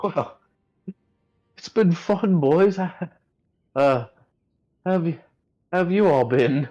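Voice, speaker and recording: A man voicing a jovial, chummy male spellcaster in a tabletop game, warm-hearted and drawn-out. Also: fairly high pitch, expressive, muffled recording, voice pushed up.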